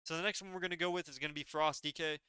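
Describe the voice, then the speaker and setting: A man's voice: a little high, steady tone, very fast, sharp tone, clear, resonant tone, no room sound. A young man giving casual, blunt and opinionated tier-list commentary as a gaming video creator.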